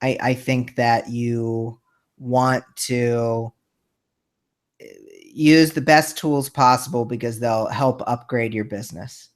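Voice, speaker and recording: A man's voice: mid-range voice, fairly even intonation, slow. A man hosting a live show in casual chat, reading out viewer questions in a friendly, hesitant way. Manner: friendly, hesitant, lots of fillers.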